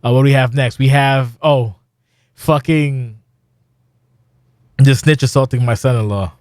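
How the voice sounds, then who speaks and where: A man's voice: mid-range voice, steady tone, a little slow, darkish tone, dry recording, studio quality. A middle-aged man hosting a casual podcast, rambling and swearing bluntly. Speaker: podcast host.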